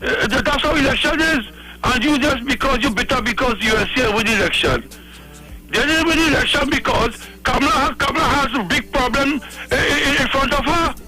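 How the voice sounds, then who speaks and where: Trinidadian male caller, high and bright, stammers through a lecture. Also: moderate pace, faint music behind, poor audio. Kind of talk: call-in radio talk.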